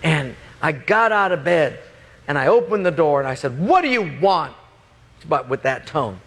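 A male pastor telling a lively personal story in a sermon, laughing and swinging his voice up and down, in a reverberant hall. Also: normal speed, gravelly. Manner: animated, laughing storyteller with big pitch swings. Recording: long hall reverb, faint ambience.

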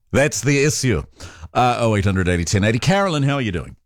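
A man's voice: mid-range voice, expressive, moderate pace, dry recording, studio quality. A man with a New Zealand accent hosting talkback radio, chatting casually in a musing, self-interrupting way. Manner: chatty and musing, with frequent restarts and chuckles. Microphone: studio microphone.

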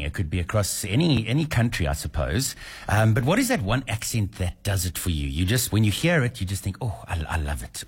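A man's voice: lowish voice, breathy edge. A man co-hosting a radio show, teasing and playful, stretching out his words. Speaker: radio co-host. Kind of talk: casual radio chat. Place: radio studio.

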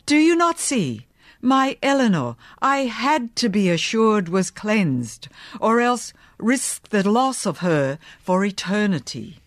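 A woman's voice: mid-range voice, very animated, slow pace, dry recording, clean studio sound. A woman voicing a stern, zealous middle-aged male preacher who speaks in a fervent, sermonizing way. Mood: severe.

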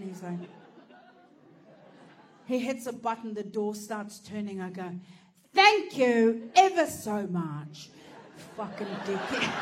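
On a stand-up stage, a woman tells a story animatedly, swearing and laughing her way through it. Her voice is medium in pitch, with background noise in the recording.

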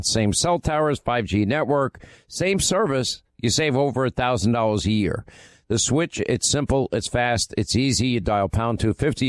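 A man's voice: medium pitch, no echo. A man hosting a political talk radio show, delivering an ad read and monologue in an emphatic, repetitive, punchy way. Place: radio studio. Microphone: close studio mic. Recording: dry close studio sound.

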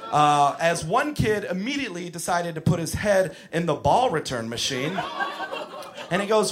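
A young man doing stand-up storytelling, profane and exasperated, breaking into shouts. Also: high voice, big pitch swings, moderate pace, noisy background. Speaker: stand-up comedian. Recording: live comedy club with audience laughter.

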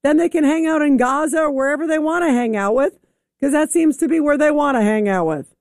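High-voiced opinionated woman radio host. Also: brisk, a little mellow, dry recording, clean studio sound. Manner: opinionated, talks over the caller. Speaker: radio talk show host. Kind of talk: political call-in radio talk.

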